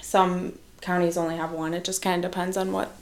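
A woman's voice: lowish voice, flat delivery, fairly quick, slight background noise. A young woman from Wisconsin, a social worker, co-hosting a podcast in casual, frank chat and laughing easily.

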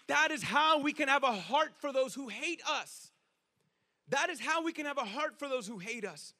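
Brief: male preacher, conversational sermon delivery, high, sharp voice. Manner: energetic, conversational, addresses the crowd as guys.

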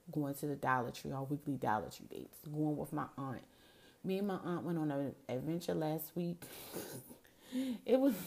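A woman's voice: deep voice, creaky, warm tone. A woman, hosting a talk show and reminiscing about family in a rambling, heartfelt way with self-corrections. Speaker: host. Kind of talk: personal storytelling monologue.

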